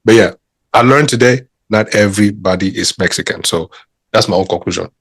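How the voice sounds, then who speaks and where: Man from Africa, dry close-miked voice, jokey, animated, casual podcast co-host. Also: lowish voice, a little fast, dry recording. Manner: jokey, animated, repeats "I beg".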